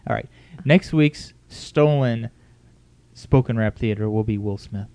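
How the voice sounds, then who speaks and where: A man's voice: on the low side, a little slow, mellow, no room sound. A middle-aged man hosting a casual home podcast, rambling and joking at his own expense. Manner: rambling, self-mocking and jokey. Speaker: podcast host.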